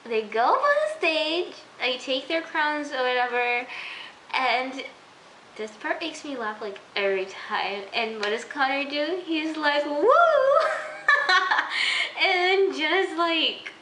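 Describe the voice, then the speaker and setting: Young woman chatting about a tv episode, kinda high bright voice, giggles a lot, echoey room w a little hiss. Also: expressive, measured pace. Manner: chatty, giggly, full of "like" and "you know". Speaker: TV episode reviewer. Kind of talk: casual recap vlog.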